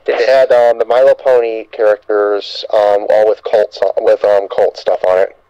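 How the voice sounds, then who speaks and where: A man's voice: on the low side, flat delivery, moderate pace, mellow, clear, resonant tone. A man on a casual podcast chat, hesitant and full of ums. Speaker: podcast co-host. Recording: dull lo-fi sound.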